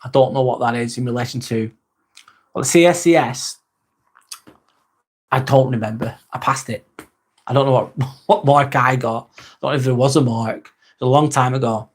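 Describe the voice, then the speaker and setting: Casting: man, 40s, relaxed live-chat host, swears casually, reads viewer comments aloud. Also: medium pitch, moderate pace, long pauses. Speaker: livestream host.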